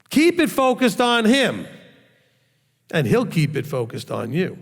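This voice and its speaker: A man's voice: high-pitched, very animated, a little slow, long reverb tail. A man, a rabbi, teaching a sermon in a conversational way, often checking in with his listeners and adding light joking asides.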